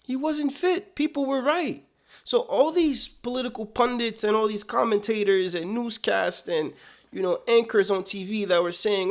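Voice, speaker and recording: A man's voice: extremely high pitch, expressive, normal speed. A man delivering political commentary, emphatic and indignant, repeating his points for weight.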